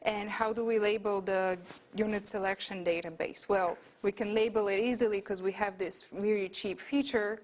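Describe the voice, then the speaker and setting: A woman's voice: mid-range voice, steady tone, normal speed. A woman giving an academic lecture, explaining her research in a thinking-aloud way with frequent fillers and restarts. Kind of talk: academic talk with slides. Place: lecture room.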